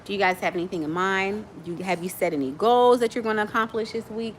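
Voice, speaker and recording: A woman of forty from Miami, chatting fast and playfully with viewers as host of her own livestream. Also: medium pitch, slight background noise. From Miami, USA. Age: 40s. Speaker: livestream host, nonprofit founder. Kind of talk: casual livestream chat with viewers.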